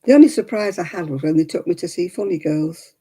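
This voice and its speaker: A woman's voice: fairly low pitch, lively intonation, fast, dark tone, slightly rough. A middle-aged woman chatting casually while knitting on a crafting livestream, cooing baby talk to her dog in between.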